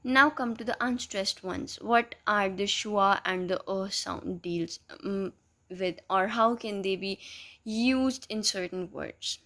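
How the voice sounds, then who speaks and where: A woman gives a lesson at an unhurried pace, her pitch sitting in a middle range. She explains step by step with patience and repeats each example word. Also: a bit bright. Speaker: teacher.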